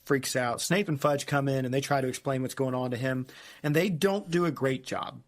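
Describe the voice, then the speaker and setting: Animated man retelling book scenes. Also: mid-range voice, normal speed. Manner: animated, acts out quoted characters in silly voices. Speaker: podcast co-host. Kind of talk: casual book discussion.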